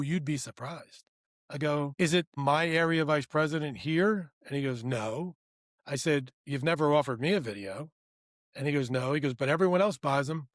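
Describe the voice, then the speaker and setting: A man telling a story on a podcast in a slightly high voice. He jumps between speakers, acting out each side of the talk with lively shifts. The sound is close and dry, with no room echo. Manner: animated, acts out both sides of conversations; rambling, repeats "right?" and "I go". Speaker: podcast co-host. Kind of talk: casual storytelling.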